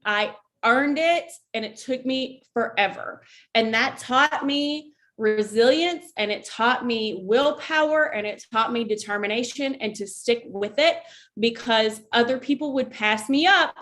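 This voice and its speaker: A woman's voice: fairly high pitch, normal speed, a bit bright. A woman who is an army veteran, talking candidly and conversationally to her viewers in a casual vlog, often breaking off for asides. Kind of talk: casual talk to camera.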